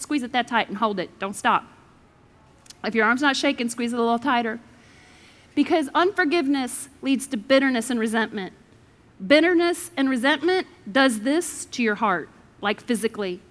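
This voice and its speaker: Brief: high-pitched, sharp-toned woman pastor, playful and dramatic from the pulpit. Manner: lively, joking, dramatic. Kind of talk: sermon.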